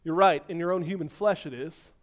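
A man preaching an energetic, animated sermon, so physically active that he sounds out of breath at times. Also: on the high side, brisk.

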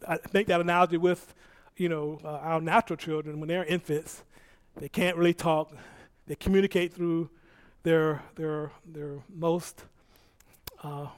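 A man preaching a sermon as pastor, reading scripture aloud and swinging from soft asides to loud bursts. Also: fairly high pitch. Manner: reads scripture aloud with halting restarts and laughs.

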